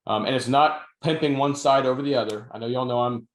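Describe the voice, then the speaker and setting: A man's voice: medium pitch, fast talker. Dry-humored man, roomy echo. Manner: dry storytelling, wry asides. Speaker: podcast co-host and novelist. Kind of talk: casual podcast chat.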